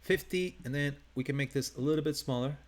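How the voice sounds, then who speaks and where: A man's voice: medium pitch, a little fast. Casual accented man teaching design live. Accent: non-native English. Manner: casual, upbeat, thinking aloud with restarts. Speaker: design instructor. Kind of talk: live screen-share design tutorial.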